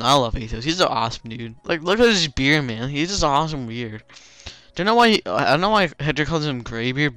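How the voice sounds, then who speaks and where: A man's voice: medium pitch, bright, forceful tone, clear, resonant tone, no echo. A young man giving casual let's play commentary, rambling with lots of fillers like "like" and "you know.".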